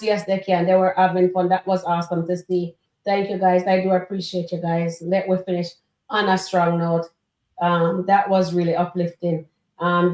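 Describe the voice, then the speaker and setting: Stream host, woman, lower voice, talks to chat, echoey room. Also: darkish tone. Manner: chatty, addresses the chat directly. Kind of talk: live reaction commentary.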